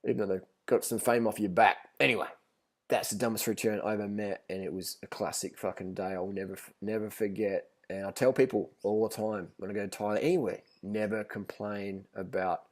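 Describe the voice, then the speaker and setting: A man's voice: lowish voice, a little mellow. A man telling a story in a blunt, rambling, profane vlog rant. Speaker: vlogger.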